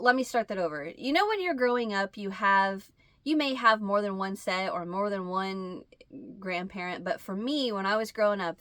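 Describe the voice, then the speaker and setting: A woman with a Midwestern American accent, hosting a crochet channel and telling a rambling story in casual chat, acting out bits of dialogue in a higher voice. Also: a bit bright, no echo, clean studio sound.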